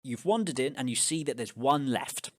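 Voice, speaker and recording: Male game master, mid-pitched voice, casual narration, filler words, tabletop game. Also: animated, moderate pace.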